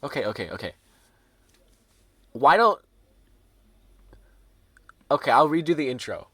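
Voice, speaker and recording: A man's voice: mid-range voice, big pitch swings, measured pace, a bit bright, no room sound, studio quality. A young man co-hosting a podcast, chatting casually in a playful, exasperated way and restarting the intro again and again. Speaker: podcast co-host. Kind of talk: casual comedic chat.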